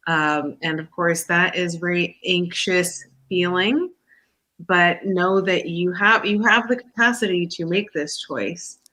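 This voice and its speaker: A woman's voice: fairly low pitch, takes it slowly, sharp tone. A woman guest who reads tarot, chatting and explaining at length. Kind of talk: casual chat.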